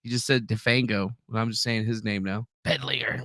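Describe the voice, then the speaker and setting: A man's voice: mid-range voice, fairly even intonation, fairly quick, a bit bright, no room sound, clean studio sound. A man hosting a live stream in a loose, rambling way, swearing and reading out viewers' names from the chat. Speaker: livestream host.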